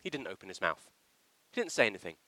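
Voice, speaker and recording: Lively, bright-voiced male preacher. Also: fairly low pitch, quick pace, no room sound. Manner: animated, emphatic delivery with acted quotations. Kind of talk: sermon. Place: church.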